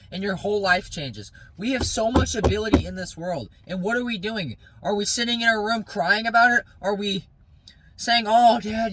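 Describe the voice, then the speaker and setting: A young man with a high, bright voice, recording a motivational vlog outdoors on his phone. He rambles and restarts his sentences, then builds into a heated, preachy pitch about chasing your dreams. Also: low-quality recording. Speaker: vlogger.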